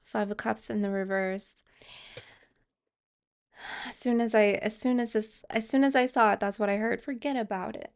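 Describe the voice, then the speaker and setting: A woman's voice: medium pitch, fairly even intonation, normal speed, pauses often, smooth. A woman giving a tarot card reading, speaking hesitantly with fillers and restarts and reassuring viewers directly. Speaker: tarot reader.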